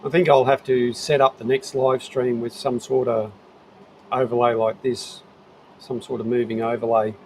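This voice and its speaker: A middle-aged Australian man talks at an ordinary medium pitch, rambling easily through an impromptu livestream from his home shed. He chats to his viewers while he fiddles with his gear, full of fillers and restarts. A faint background hum sits behind him. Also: little pitch movement, moderate pace, poor audio. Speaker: livestream host. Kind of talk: casual live-stream chat.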